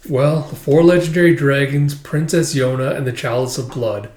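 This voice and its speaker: A man casually retelling a comic chapter panel by panel, reading out the dialogue between relaxed, filler-heavy asides. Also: medium pitch, normal speed. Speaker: manga reader and commentator. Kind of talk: casual manga read-through. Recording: roomy echo.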